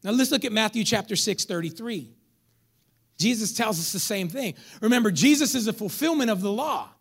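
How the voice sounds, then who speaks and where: A middle-aged man preaching a sermon as pastor. He swings between loud calls to the congregation and near whispers, and uses casual street slang. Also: high-pitched, lively intonation, normal speed, breathy edge.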